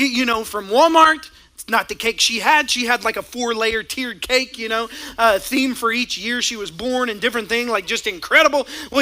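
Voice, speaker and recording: Animated bright-voiced man preaching. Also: very high voice. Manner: animated, acts out both sides of a couple's quarrel, laughs along. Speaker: pastor. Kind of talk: sermon with acted-out stories.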